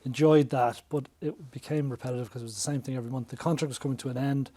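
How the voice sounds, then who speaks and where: A man's voice: mid-range voice, quick pace. A man chatting in a podcast interview, telling stories and acting out quoted dialogue. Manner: animated storyteller, acts out quoted dialogue. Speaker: podcast guest, business coach. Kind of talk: casual interview chat.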